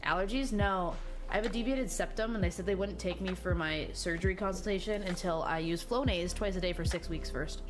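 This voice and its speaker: A woman streamer is chatting with her live chat over a desktop mic. Her voice sits a little low, and she jokes, teases and reads out messages in a loose, playful way. Clear music plays behind her. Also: brisk.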